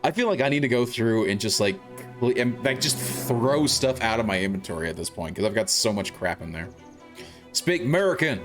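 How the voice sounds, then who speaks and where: A man's voice: on the low side, lively intonation, a little fast, hardly any pauses, over music. Rambling male game streamer. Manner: rambling, many fillers and restarts, chatting with viewers. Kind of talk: casual gaming commentary.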